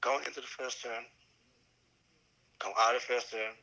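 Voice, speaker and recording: Hoarse, coughing young man on a phone call. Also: medium pitch, fairly even intonation, bright, forceful tone. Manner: halting, many fillers and restarts. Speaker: podcast guest, world champion. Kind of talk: casual chat.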